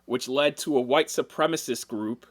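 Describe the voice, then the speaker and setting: A man's voice: medium pitch, normal speed, no echo. A man co-hosting a casual podcast chat, telling stories with lots of swearing and acting out the people he quotes. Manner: animated storytelling, acts out quoted people, swears freely. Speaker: podcast co-host.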